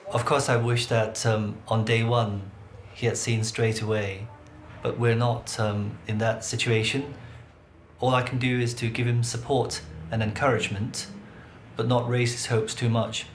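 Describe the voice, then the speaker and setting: Calm reassuring male eye surgeon, noisy room. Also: medium pitch, measured pace. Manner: calm, reassuring, hesitant with ums. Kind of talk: documentary interview and bedside eye exam.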